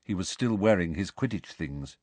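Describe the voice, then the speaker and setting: A man narrating an audiobook with an expressive, varied reading. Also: deep voice, normal speed, no room sound.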